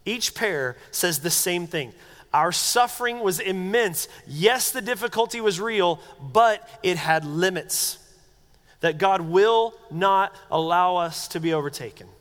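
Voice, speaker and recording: A middle-aged male pastor preaches in an earnest, conversational way, his voice pitched notably high. He often sinks into soft, quiet tones for tender moments. A long reverb trails his words, as in a church sanctuary. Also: expressive, unhurried. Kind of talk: sermon.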